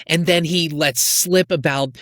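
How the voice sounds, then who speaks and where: Eager man with a slightly higher voice recapping films. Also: fairly even intonation, a little slow, a bit bright, no echo, studio quality. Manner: eager, jumps in with fillers and recaps of scenes. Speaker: film podcast co-host. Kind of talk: casual film review chat.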